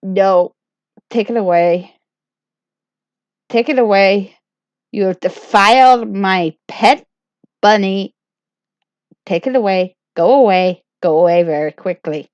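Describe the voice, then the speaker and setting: A woman voicing an upset young woman, pitching up high and scolding. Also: takes it slowly, pauses often, a little mellow, no echo, close to an everyday voice. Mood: indignant. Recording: dull lo-fi dry recording.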